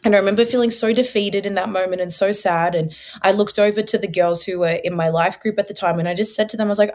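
A young woman, telling her personal faith story as an interview guest, lively and casual with many fillers, acting out her own past words. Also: medium pitch, fast, few pauses. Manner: animated storyteller, acts out her past self in quotes; casual filler-heavy speech. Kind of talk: personal testimony in conversation.

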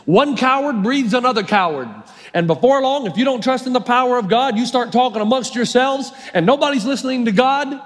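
A man's voice: very high voice, a little fast. A male pastor preaching a sermon, storytelling and emphatic, with long hall reverb. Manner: storytelling, emphatic, varies his pace.

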